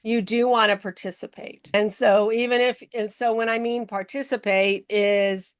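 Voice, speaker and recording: A woman guest on a podcast interview, telling stories in an animated way and acting out the people she quotes, speaking from her office. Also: medium pitch, normal speed, clean tone, dry recording, studio quality. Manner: animated storytelling, acts out quoted voices.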